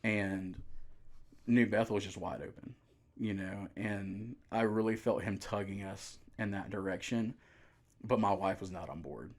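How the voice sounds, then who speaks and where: A young adult man, a youth pastor telling his story in a relaxed, casual way with many fillers. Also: lowish voice, a little slow. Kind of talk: casual podcast conversation.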